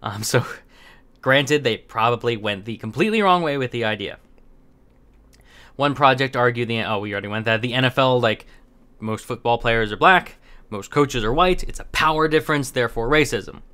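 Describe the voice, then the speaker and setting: A young man talking straight to camera in an offhand commentary, circling his points with plenty of ums and false starts. His voice has a bright, edgy tone and sits at an ordinary middle pitch. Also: moderate pace, clear, resonant tone. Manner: rambling, many fillers and restarts. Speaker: commentary host. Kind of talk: casual opinion commentary.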